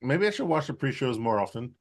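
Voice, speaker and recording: A man's voice: mid-range voice, very animated, fast. A man co-hosting a casual wrestling podcast, talking in a blunt, crude, offhand way. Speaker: podcast co-host.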